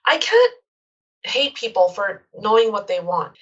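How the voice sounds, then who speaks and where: Brief: woman podcast guest, animated storyteller, husky, dull lo-fi sound. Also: mid-range voice, measured pace. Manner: animated, acts out quoted dialogue. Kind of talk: casual storytelling chat.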